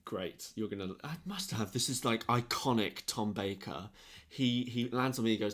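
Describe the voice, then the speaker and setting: A man's voice: fairly low pitch, moderate pace. A young man and podcast co-host telling a story in casual chat, acting out the people he quotes. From England. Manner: animated storyteller, acts out quotes with swearing.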